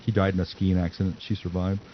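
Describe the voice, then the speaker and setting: Low-voiced joking male podcast host. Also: fast talker. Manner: joking, rambling, animated. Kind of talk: casual podcast chat. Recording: dull lo-fi sound with faint noise.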